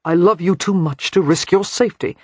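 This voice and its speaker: A man playing a brooding, war-scarred young gentleman who speaks in a quiet, measured, grave way, with a husky tone. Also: sits high, no room sound.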